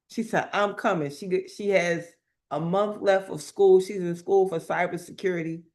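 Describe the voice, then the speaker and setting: A woman's voice: medium pitch, takes it slowly, long pauses. Woman telling a faith story animatedly. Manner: animated storytelling, acting out quoted voices; repeats phrases for emphasis. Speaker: motivational speaker. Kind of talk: faith-based testimony talk.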